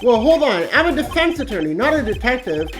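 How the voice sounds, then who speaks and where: A woman's voice: a little high, sing-song, fairly quick. A woman reading a flustered young defense attorney who keeps protesting, his tone rising and falling a lot. Game music sits in the background. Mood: exasperated. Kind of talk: reading game dialogue aloud on a stream. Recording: music playing behind the voice.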